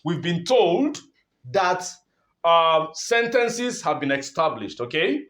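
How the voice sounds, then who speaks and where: A man's voice: a little high, sing-song, slow, a bit bright. A man teaching an online exam-prep lesson, explaining step by step, repeating points and checking in with "okay?". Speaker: English teacher.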